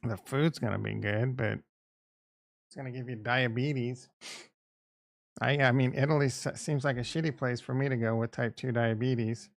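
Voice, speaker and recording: A middle-aged man with a gravelly, creaky voice hosts a casual livestream and rambles bluntly with plenty of crude asides. His voice sits at an ordinary pitch and is recorded dry and close, with no room sound. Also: steady tone, normal speed, no room sound. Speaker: livestream host.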